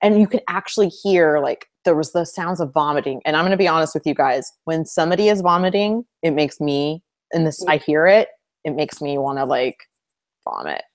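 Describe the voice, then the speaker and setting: A woman co-hosting a casual fan discussion show, animated and acting out lines in funny voices. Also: sits low, fairly quick. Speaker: podcast co-host.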